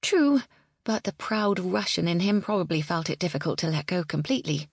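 A woman's voice: on the low side, animated, a little fast, slightly rough, no room sound, clean studio sound. A woman doing a sassy young agent. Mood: playful. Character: young English woman, a confident literary agent.

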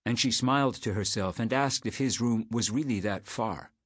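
A man narrating an audiobook in a measured, unhurried way. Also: mid-range voice, husky, dry recording.

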